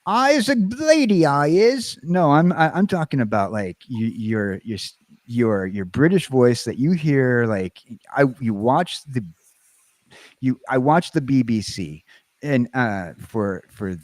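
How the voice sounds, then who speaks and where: An American man chats casually on a livestream, wandering through his thoughts with frequent "uh"s and restarts. His voice sits at an ordinary middle pitch. It sounds close and dry, with no room echo. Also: lively intonation, darkish tone. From United States. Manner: rambling, halting, full of fillers and restarts. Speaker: livestream host. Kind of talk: casual stream chat.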